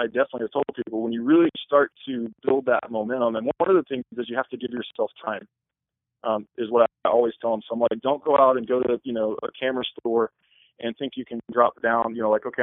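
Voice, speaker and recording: A medium-pitched man speaks over a thin, phone-like line, answering interview questions casually as a wedding photographer in an earnest, rambling way. The recording is dry and close, with no room sound around it.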